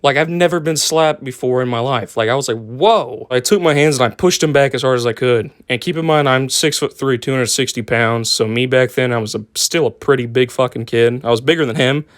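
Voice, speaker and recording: A young man tells a story from his school days in a loose, rambling way, full of fillers, restarts and swearing. His voice is smooth and resonant at an ordinary pitch, and the recording is dry and close. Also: brisk, few pauses, no echo. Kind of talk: casual story time.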